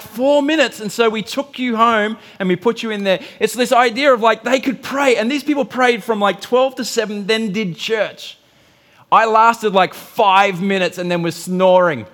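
A middle-aged man preaching a sermon, telling stories and acting out quotes with big swings in pitch and volume. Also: a bit bright. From Australia. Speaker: pastor.

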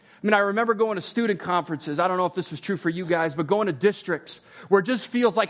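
Conversational preaching man, fairly high voice. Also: quick pace. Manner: conversational preaching, rising pitch when excited. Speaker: pastor. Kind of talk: sermon.

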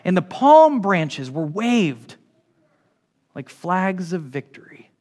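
High-voiced Midwestern preacher. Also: male voice, slow. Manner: animated preaching, swings from hushed to shouting. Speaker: pastor. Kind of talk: sermon.

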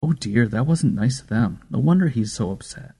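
A man doing a gentle, soothing grandmother. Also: mid-range voice, animated, normal speed, slightly rough. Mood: coaxing. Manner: soft, coaxing, tender.

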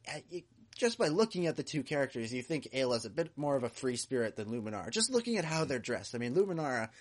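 A man's voice: medium pitch, sing-song, fast talker. Chatty joking man co-hosting a podcast. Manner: chatty and joking, lots of "you know". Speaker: podcast co-host. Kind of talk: casual chat.

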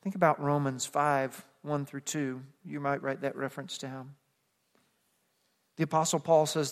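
High-voiced pastor preaching in a reverberant hall. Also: male voice, steady tone, measured pace. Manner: conversational, shifts between soft asides and emphatic rising passages. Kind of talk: sermon.

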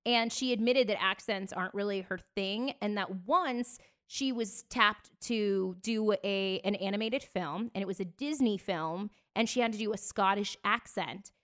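A woman's voice: mid-range voice, normal speed, hardly any pauses, fairly bright tone. Chatty gossiping woman podcaster. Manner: chatty, gossipy storytelling with bursts of laughter. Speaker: podcast co-host. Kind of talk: casual chat.

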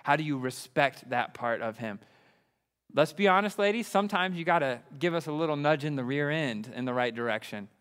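A young adult man preaching a sermon, excitable and enthusiastic. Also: a little high, a little fast, clean tone, long reverb tail. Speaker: pastor.

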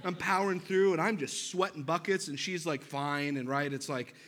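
A man in his thirties, a pastor, preaching with a lively personal story and self-deprecating humor. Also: fairly high pitch, moderate pace.

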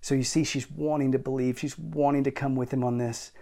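A man's voice: mid-range voice, fairly even intonation, a little fast, gravelly. Emphatic male pastor preaching. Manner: emphatic, moving between intense and quiet. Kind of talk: sermon.

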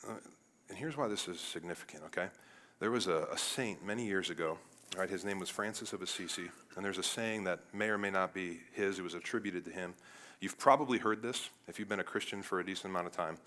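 A man preaching a sermon as pastor, talking straight to the congregation and swinging from loud emphatic peaks down to low, quiet stretches. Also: fast. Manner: animated, rises to loud emphatic peaks then drops low; addresses congregation directly with "guys" and "right?".

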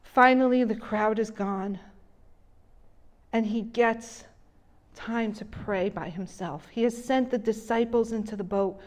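A woman delivering a sermon in a slow, gentle way, her voice dropping soft and low when she quotes someone. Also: steady tone. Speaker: preacher.

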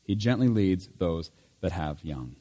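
A man serving as pastor, leading a church service with prayer and scripture reading, reading in a measured way and lifting his voice on key lines. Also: sits low, lively intonation, dark tone, in a large hall. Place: church sanctuary.

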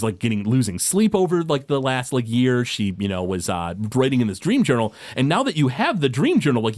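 A man narrating a tabletop game as game master, his pitch lively and roaming. He rambles and restarts often, and the recording sounds dry and close. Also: dry recording. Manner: rambling, full of fillers and restarts.

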